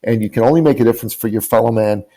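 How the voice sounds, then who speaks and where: A man's voice: medium pitch, racing, mellow, poor audio. A man guest on a podcast, earnestly telling stories and repeating key phrases for emphasis. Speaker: guest, business coach. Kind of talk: podcast interview storytelling. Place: lives in Canada.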